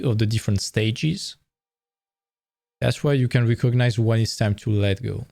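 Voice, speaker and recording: A man's voice: mid-range voice, gravelly, a little mellow, dry recording, clean studio sound. A man giving a casual livestream presentation of career advice, blunt and candid, swearing freely and acting out quoted lines in a raised voice.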